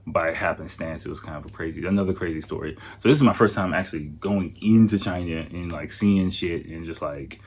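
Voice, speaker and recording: Deep-voiced man telling a rambling story. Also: a little fast, few pauses, a little mellow, husky. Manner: rambling, profane, full of "like" and "you know". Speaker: podcast host. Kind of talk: casual storytelling monologue.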